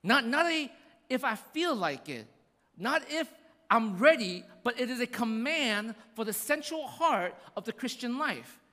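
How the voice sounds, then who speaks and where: A man's voice: extremely high pitch, big pitch swings, a little slow, sharp tone. A man preaching a sermon to a congregation, driving points home with repeated refrains and chatty asides. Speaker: pastor. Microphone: microphone. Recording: echoey hall reverb.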